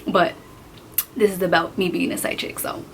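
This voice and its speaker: A woman's voice: on the low side, level tone, moderate pace, vocal fry, fairly bright tone, a little hiss or hum. A young woman vlogger telling a personal story in a candid, casual way, swearing freely and using lots of fillers. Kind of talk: storytime vlog.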